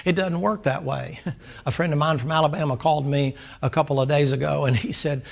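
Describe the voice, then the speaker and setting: Man preacher, gravelly, slightly raised pitch, folksy storyteller who quizzes his class. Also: fairly even intonation, brisk. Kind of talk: Sunday school sermon.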